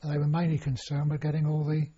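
A man's voice: fairly high pitch, monotone, quick pace, mellow. An older man telling a long personal story in an oral history interview, rambling and full of fillers and restarts. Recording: dull lo-fi recording.

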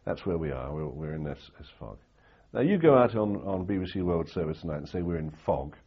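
Older man voicing a patient military weather officer; low, husky, slightly muffled recording. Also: animated, brisk, full character voice. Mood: explaining. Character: calm male military weather officer explaining.

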